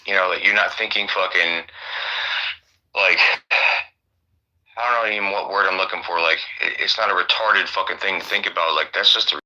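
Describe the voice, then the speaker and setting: A man's voice: sits low, steady tone, normal speed, long pauses, sharp tone, muffled recording. A man in casual chat, rambling and swearing with lots of fillers. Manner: rambling, profane, many fillers.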